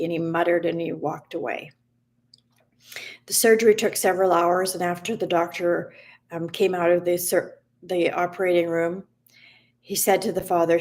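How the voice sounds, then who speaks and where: A woman giving a reflective motivational talk, reading a story aloud and then drawing a lesson from it, speaking slowly with frequent restarts. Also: on the low side, fairly even intonation, darkish tone. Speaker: wellness speaker.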